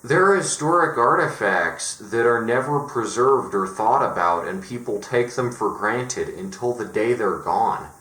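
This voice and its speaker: A man's voice: mid-range voice, expressive, a little slow, few pauses, sharp tone, roomy sound. A man from Colorado delivering an emphatic, profane, exasperated monologue as a vlogger. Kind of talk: ranting monologue.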